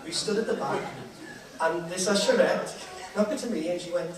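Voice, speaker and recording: A man's voice: sits high, normal speed, very echoey. Chatty man on stage. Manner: chatty, laughing, playful. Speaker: entertainer on stage. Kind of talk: live stage patter. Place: large theatre with audience. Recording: distant live theatre recording with crowd and noise.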